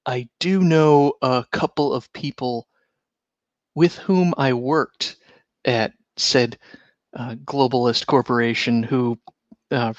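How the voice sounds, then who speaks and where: Wry, slightly hoarse male podcast host. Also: mid-range voice, dry recording, muffled recording. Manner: wry, sarcastic. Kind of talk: casual chat.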